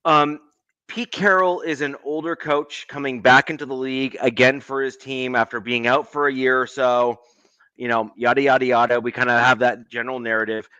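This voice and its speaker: Canadian man, bright casual podcast voice. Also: mid-range voice, steady tone, clear, resonant tone, no room sound, highs cut off. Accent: Canadian, close to American. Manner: measured, hedging with many ums. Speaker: podcast co-host. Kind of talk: casual sports podcast chat.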